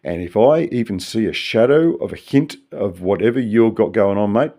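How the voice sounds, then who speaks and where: A man's voice: lowish voice, expressive, normal speed, mellow. An older man with an Australian accent talking in a rambling, tangential, sometimes profane solo monologue. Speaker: vlogger.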